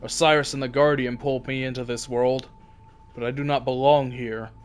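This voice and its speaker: A man's voice: medium pitch, normal speed, close to an everyday voice. A man doing a weary, brooding warrior. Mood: grave. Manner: flat, heavy, gravely serious.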